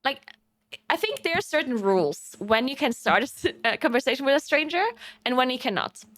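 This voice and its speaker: Lively young woman streamer from Italy. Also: sits high, brisk, no room sound. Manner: animated storytelling, laughs often. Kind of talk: casual chat with viewers.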